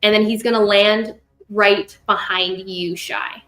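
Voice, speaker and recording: A woman's voice: medium pitch, steady tone, slow, sharp tone, faint music behind, low-quality recording. A woman narrating as game master of a tabletop game, rambling, correcting herself and adding sound effects.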